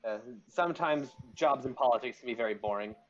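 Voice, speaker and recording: A man's voice: mid-range voice, fairly quick, lo-fi sound, natural voice. A man voicing a tall, laid-back Firbolg adventurer with a teasing manner. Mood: easygoing. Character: tall friendly Firbolg adventurer, gruff and easygoing.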